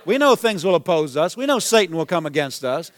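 A man's voice: on the high side, big pitch swings, brisk, slight background noise. A man preaching a sermon as pastor, building to emphatic exclamations.

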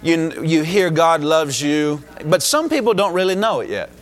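A man's voice: a little high, expressive, moderate pace. A man from the United States preaching a sermon as pastor, emphatic, with rising exclamations.

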